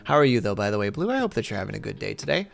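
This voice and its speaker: A male streamer chats with his viewers in a loose, rambling way and pokes fun at himself. His pitch jumps around a lot as he talks. Faint music plays quietly under his voice. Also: big pitch swings, very fast, vocal fry. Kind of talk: casual live-stream chat.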